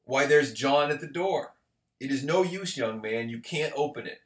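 An eerie, calm young wife at the peak of her unraveling, as read aloud by a man. The voice sits a little higher than a plain reading but stays low-key. It has the echo of a roomy space around it. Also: moderate pace, distant mic, natural voice.

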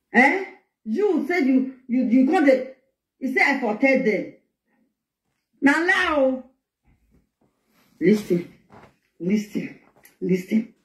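A woman's voice: high-pitched, far from the mic. Nigerian Pidgin woman telling her story. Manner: emotional storytelling with quoted dialogue. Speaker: guest speaker. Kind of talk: personal storytelling. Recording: echoey, dull audio.

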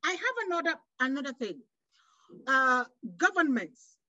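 A high-voiced woman from West Africa argues on a panel with passion, firing off rhetorical questions and restarting her sentences. Her voice comes through a dull, lo-fi, dry recording. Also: very animated, a little slow, bright, forceful tone, dry recording. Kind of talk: panel discussion.

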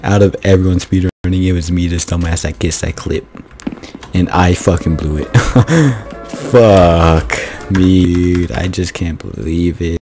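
A man's voice: low voice, steady tone, a little slow, dark tone, low-quality recording. A man commentating on his own speedrun, exasperated and swearing as he berates himself. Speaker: speedrunning gamer. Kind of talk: frustrated gameplay commentary. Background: game music.

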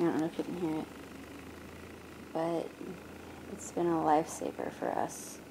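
A woman casually narrating a roleplay vlog at home, gently chatting as a mom. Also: lowish voice, creaky, noisy background. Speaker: doll roleplay vlogger. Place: at home indoors.

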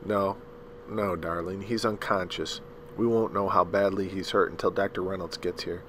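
A man's voice: fairly low pitch, animated, normal speed, pushed and bright, slight background noise. A man voicing a fussing, proper aunt. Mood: soothing. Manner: fussing and protective, calls the child darling. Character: anxious, proper middle-aged Southern aunt.

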